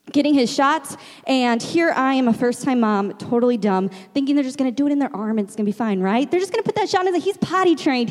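A woman's voice: fairly high pitch, darkish tone. Earnest woman preaching in a reverberant hall. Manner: earnest, storytelling, rhetorical questions. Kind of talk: conversational sermon with personal story.

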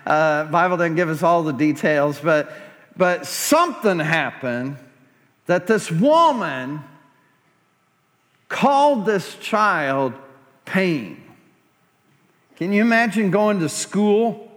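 A man's voice: sits high, animated, takes it slowly, fairly bright tone. A man preaching a sermon to a congregation, passionate and pleading as he builds to fervent prayer. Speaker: pastor. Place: church sanctuary. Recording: long hall reverb.

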